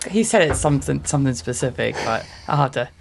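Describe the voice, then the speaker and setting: A woman co-hosting a podcast in casual chat, laid-back and profane, often trailing off softly. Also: very deep voice, lively intonation, fast, creaky, crowd noise.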